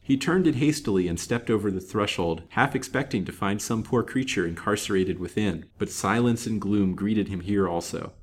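A man reading a serialized novel aloud in a measured, dramatic way. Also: fairly low pitch. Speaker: storyteller.

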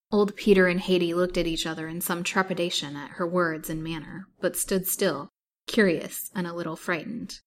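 A woman reading a serialized novel aloud as a storyteller, in steady, even narration. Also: lowish voice, normal speed.

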